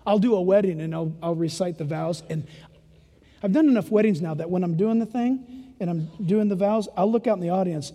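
An older man preaching a sermon in a punchy, folksy way that swings between loud emphasis and hushed asides. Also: sits high, a little fast. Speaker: pastor. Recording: echoey hall reverb.

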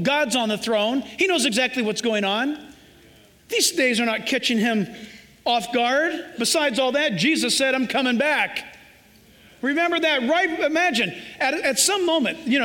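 Recorded in a reverberant hall, a Southern California pastor preaches in a very high-pitched, sharp voice with lively intonation and a moderate pace. His sermon is emphatic and conversational, and he acts out little scenes as he goes.

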